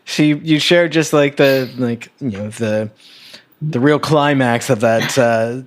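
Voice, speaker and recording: Brief: male podcast co-host, unhurried, halting and laid-back. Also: mid-range voice. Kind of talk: casual chat.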